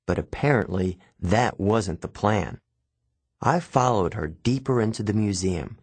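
A man narrating a first-person novel with expressive, wry storytelling, recorded close on a studio mic. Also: lowish voice, a little slow, slightly rough, no room sound. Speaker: audiobook narrator.

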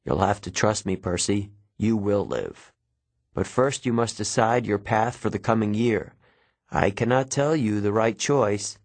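A man voicing an older male centaur teacher, measured and gentle, in an audiobook. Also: lowish voice, expressive, no echo. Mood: grave.

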